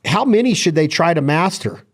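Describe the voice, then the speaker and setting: A man's voice: a little high, expressive, normal speed. A man hosting the show, asking long, rambling questions about duck calling. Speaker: show host. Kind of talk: interview questions.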